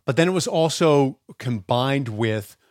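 A man's voice: mid-range voice, lively intonation, a little slow, darkish tone, dry recording, studio quality. A man co-hosting a podcast, talking loosely and thinking aloud with many fillers. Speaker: podcast co-host. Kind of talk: casual podcast banter.

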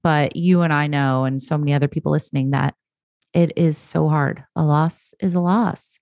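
A woman's voice: deep voice, fairly even intonation, normal speed, creaky, darkish tone, dry recording, studio quality. A woman hosting a podcast, speaking supportively and reflectively to her guest and her listeners. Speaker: podcast host. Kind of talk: casual chat.

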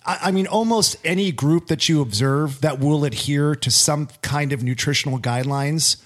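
A man co-hosting a comedy fitness podcast, rambling and thinking out loud with analytical asides. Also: on the high side, moderate pace. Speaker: podcast co-host. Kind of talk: casual comedic chat.

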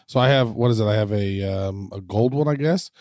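A man's voice: on the low side, fairly quick, a little mellow, dry recording, clean studio sound. A man co-hosting a podcast, joking and bantering in casual chat, a little tired. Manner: jokey, rhyming banter, a bit tired. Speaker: podcast co-host.

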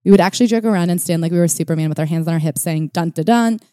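Racing along in a lowish, dark voice, a female podcast co-host chats casually about a book, retelling its stories and reading quotes with energy. The recording is studio quality with no room sound.

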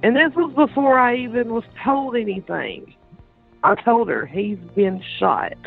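A woman recounts painful events in an interview, her words halting and often repeated. Her voice has a deep, gravelly fry throughout. It comes through a thin, phone-like line with faint music underneath. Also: sing-song. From Georgia, USA. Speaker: interviewee, sister of the deceased.

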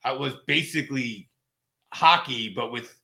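A man in his forties chatting casually, often pausing and restarting with ums. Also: mid-range voice, creaky, bright, forceful tone. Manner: halting, trails off with ums. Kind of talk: casual chat.

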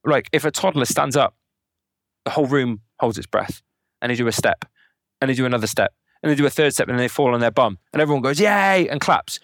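Man, podcast guest, rapid talk, lecturing manner, dry close mic. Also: mid-range voice, no room sound. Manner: rapid, explanatory, lecturing with examples. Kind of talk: conversational interview.

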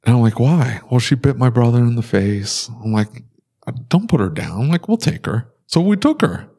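A man talking in a casual podcast chat, his pitch swinging widely as he rants. He sounds exasperated and animated, telling stories with plenty of energy. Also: fairly quick. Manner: animated, exasperated ranting with big pitch jumps.

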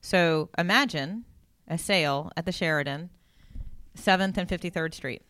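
A woman's voice: fairly low pitch, moderate pace, a bit bright. A woman from an auction company, walking listeners through a busy sale day in a podcast interview. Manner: storytelling, sets scenes for the listener.

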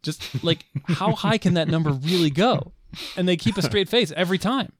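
A man's voice: high-pitched, lively intonation, moderate pace, a little hiss or hum. A middle-aged man co-hosting a podcast, chatting casually and laughing often. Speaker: podcast co-host. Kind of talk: casual chat.

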